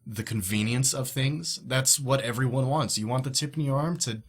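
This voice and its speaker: A man's voice: mid-range voice, normal speed, husky. A young man in casual podcast chat, rambling, sarcastic and swearing a lot.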